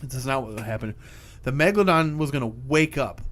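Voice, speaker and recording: A man's voice: mid-range voice, a little fast. A man casually recapping a movie plot on a podcast, acting out the characters' lines with swearing. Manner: animated, acts out characters with swearing. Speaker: podcast co-host.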